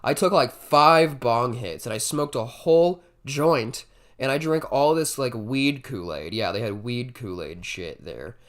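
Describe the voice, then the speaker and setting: Young man, comedic storytime, casual swearing, jumpy delivery, mid-pitched voice. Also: unhurried. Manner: animated, jumpy delivery with sudden loud bursts, casual swearing.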